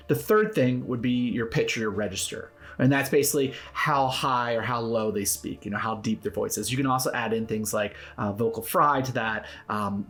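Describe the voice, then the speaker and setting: A man hosting a tabletop roleplaying tips video, talking to camera in an upbeat, encouraging, conversational way. His voice sits at an ordinary middle pitch. Quiet music plays behind him. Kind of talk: casual instructional talk to camera.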